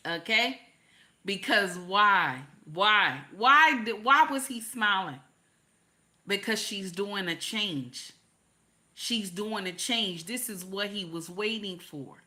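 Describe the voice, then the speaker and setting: An older woman hosting a live stream, giving casual relationship advice to viewers; she is animated, repeats her points and drops to a low confiding voice for emphasis. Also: slow pace.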